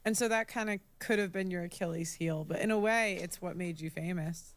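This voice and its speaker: Man, high-pitched interviewer, short prompting questions. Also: brisk, fairly bright tone.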